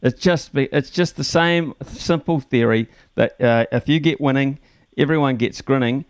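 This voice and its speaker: A New man hosts talkback radio, taking callers in a loose, chatty way full of fillers. His voice is smooth and resonant. The studio sound is close and dry. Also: mid-range voice, normal speed, dry recording. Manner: relaxed, chatty, frequent fillers.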